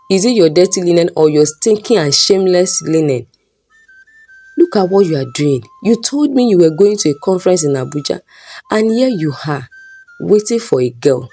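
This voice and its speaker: A woman's voice: on the low side, animated, normal speed, warm tone, breathy edge, soft background music. A woman voicing a betrayed wife who scolds her husband with scorn. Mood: angry. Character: angry betrayed wife, sharp-tongued.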